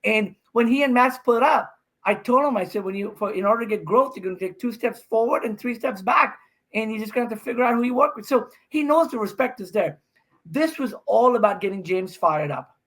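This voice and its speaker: A man in his fifties, a podcast guest, telling an animated story and acting out what he said in a raised voice. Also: high-pitched, brisk. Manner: excited, acts out his own quotes with raised voice. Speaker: guest, professional pickleball player.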